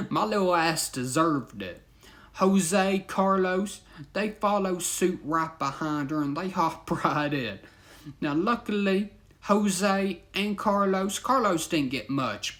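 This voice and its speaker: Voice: mid-range voice, lively intonation, slow, fairly bright tone. A storyteller telling a crude comic story, laughing and talking straight to listeners.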